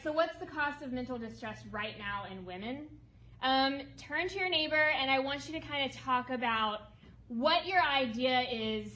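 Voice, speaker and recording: A woman presenting a ministry project to an audience, lively and emotional, prompting listeners to respond. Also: sits high, poor audio. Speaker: ministry speaker presenting a women's home. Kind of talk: talk to a seated audience with slides. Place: meeting room with tables.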